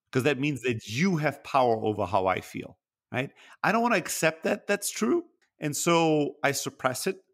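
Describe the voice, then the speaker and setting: A man's voice: on the high side, fairly bright tone. A man co-hosting a podcast, talking candidly and introspectively in casual chat, swearing freely. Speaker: podcast co-host.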